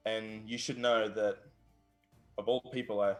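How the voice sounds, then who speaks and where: A man voicing a steady, caring leader in a tabletop role-play, talking calmly with hesitant pauses. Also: fairly low pitch, faint music behind, close to an everyday voice. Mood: concerned. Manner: calm, hesitant, with filler pauses.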